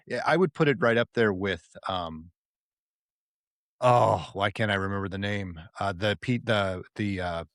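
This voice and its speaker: A middle-aged man chats on his podcast in a low, unhurried voice. He wanders through his thoughts and often stops to grope for a name. His mic is dry and close, with no room sound. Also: fairly bright tone, dry recording. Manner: rambling, often searches for words. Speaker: podcast co-host. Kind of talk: casual chat.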